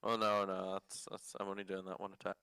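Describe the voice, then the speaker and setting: A man playing in a tabletop game, reacting bluntly, swearing freely and thinking his moves through out loud. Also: low voice, completely flat delivery, fairly quick, gravelly, smooth, dry recording. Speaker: player. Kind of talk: casual tabletop chat.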